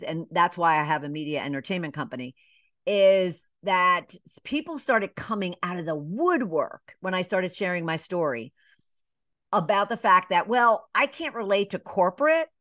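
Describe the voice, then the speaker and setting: A middle-aged woman from Atlanta, a business coach, telling her story in a casual interview, with lively asides, many fillers and short bits acting out other voices. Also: lowish voice, no room sound, clean studio sound. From Atlanta, Georgia. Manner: animated storyteller, acts out quoted voices, many "you know" fillers. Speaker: business coach and podcast guest.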